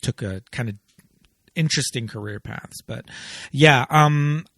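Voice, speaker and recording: A man's voice: medium pitch, a little slow, a bit bright, no room sound. A man co-hosting a casual movie podcast, chatty and laughing often. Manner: chatty, acts out quoted lines, laughs often. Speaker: podcast co-host.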